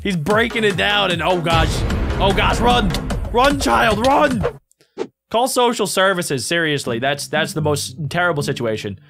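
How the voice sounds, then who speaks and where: A man giving casual, excitable and playful commentary while reacting to videos. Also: high voice, normal speed, over music.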